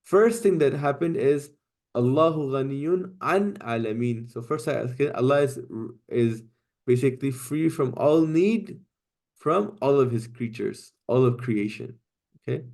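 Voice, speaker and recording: A man teaching a Quranic Arabic class, explaining grammar patiently, often checking with "right?" and "okay?", and reciting verses quickly. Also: medium pitch, gravelly, a little mellow.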